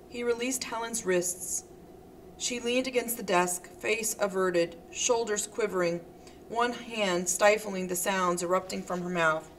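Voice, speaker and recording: A woman reading a novel aloud as an audiobook narrator, in a steady, expressive manner. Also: on the low side, measured pace, slight background noise. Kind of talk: scripted narration.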